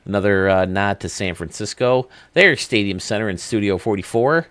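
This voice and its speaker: Man, low voice, dry close sound, enthusiastic, rambling gaming commentary. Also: moderate pace, fairly bright tone, smooth, no echo. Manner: enthusiastic, rambling, thinks aloud. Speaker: video game channel host. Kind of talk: casual commentary, showcasing game stadiums.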